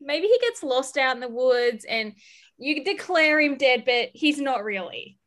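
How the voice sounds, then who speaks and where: A woman's voice: high voice, lively intonation, unhurried, fairly bright tone. A woman hosting a casual chat, playful and teasing.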